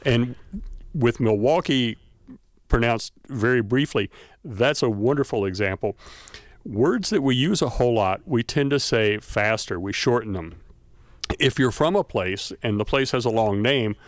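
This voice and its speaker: A male academic guest on a radio show, thoughtfully explaining with frequent pauses and fillers. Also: medium pitch, expressive, no room sound. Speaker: guest expert, folklore and language scholar.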